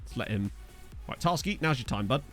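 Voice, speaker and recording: A young Essex man talks a little fast at medium pitch, expressive and fairly bright in tone, over soft background music. Streaming a football management game, he chats casually in his Essex accent, reads chat aloud and adds jokey asides.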